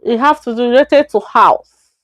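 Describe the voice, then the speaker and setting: Woman teaching Chinese, repeating slowly. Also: fairly high pitch. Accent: Nigerian. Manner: explains patiently, repeats example sentences slowly, acts out little dialogues. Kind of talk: live-streamed grammar lesson.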